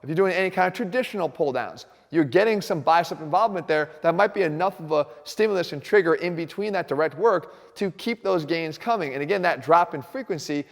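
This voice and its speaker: Brief: direct, energetic male coach, slightly high voice, long echo from the gym. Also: fairly quick, few pauses. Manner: direct, energetic, talks straight to viewers. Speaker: fitness coach host. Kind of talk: instructional fitness video. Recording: reverberant gym room.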